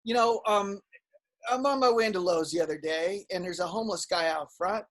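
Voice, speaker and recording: A man's voice: high-pitched, a little fast, a bit bright. Joking man telling stories. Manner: joking, storytelling, flippant. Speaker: podcast co-host. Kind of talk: casual podcast chat.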